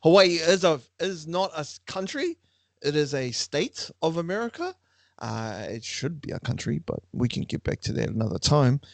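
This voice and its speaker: A man hosting a lively quiz for a class, playful and teasing with frequent laughter. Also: a little high, moderate pace, vocal fry, dry recording. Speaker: online class quiz host.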